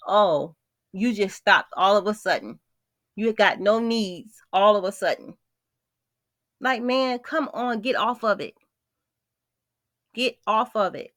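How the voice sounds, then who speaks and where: A woman's voice: mid-range voice, normal speed, a bit bright, no room sound. Blunt, exasperated woman vlogger, close dry mic. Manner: blunt, exasperated, talks straight to the viewer. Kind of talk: celebrity gossip commentary.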